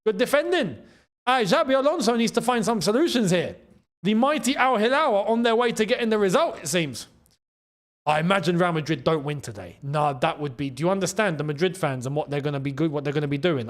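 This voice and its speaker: A man with a high voice for a man hosts a live football watchalong on a streaming mic. He is excitable and loose, repeats his phrases and breaks into laughter between calls. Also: quick pace. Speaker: host.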